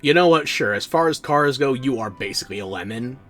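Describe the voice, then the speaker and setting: A man's voice: medium pitch, animated, a little fast, fairly bright tone, faint music behind. A man streaming a game, tired and yawning, with sleepy sarcastic asides to the characters on screen. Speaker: streamer playing a video game. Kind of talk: casual let's-play commentary.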